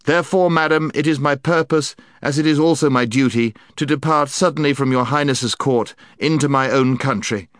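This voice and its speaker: A man's voice: medium pitch, normal speed, hardly any pauses, no room sound, studio quality, voice pushed up, close to an everyday voice. A man voicing a young prince who speaks in a formal, stern, courtly way, with his voice raised.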